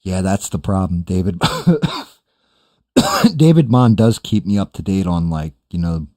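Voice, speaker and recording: Low, dark-voiced older man ranting casually. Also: animated, a little slow, no echo, clean studio sound. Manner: profane, rambling, self-deprecating. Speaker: streamer host. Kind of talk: casual chat reading live chat.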